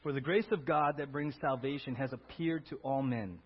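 A male pastor preaching a sermon in a church, playful and animated, swinging between quiet asides and loud bursts. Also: medium pitch, normal speed, husky. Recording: dull lo-fi sermon audio.

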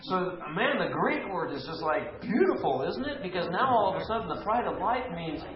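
A man's voice: high voice, very animated, normal speed, crowd noise. A man leading a Bible study group, teaching emphatically and putting questions to the people around him. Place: room with a small group. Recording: echoey room, lo-fi.

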